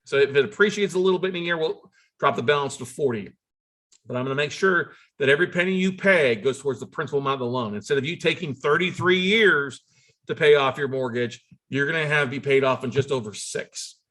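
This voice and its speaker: A man telling a long story in a conversational way, acting out phone calls with sudden jumps up in pitch and often restarting his words. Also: quick pace, fairly bright tone. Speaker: note investor telling a story.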